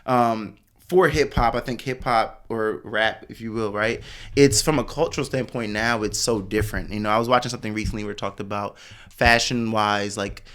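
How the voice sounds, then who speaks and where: A man hosting a casual podcast chat, talking loosely with lots of "like"s and getting animated as he tells stories. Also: fairly low pitch, normal speed. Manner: loose, filler-heavy storytelling with many "like"s; animated when telling anecdotes. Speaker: podcast host.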